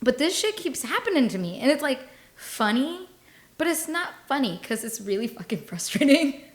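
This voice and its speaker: Speaking at normal speed in a high voice with big pitch swings, a woman in her forties co-hosts a comedic podcast. Her stories are self-deprecating, and laughter keeps breaking in.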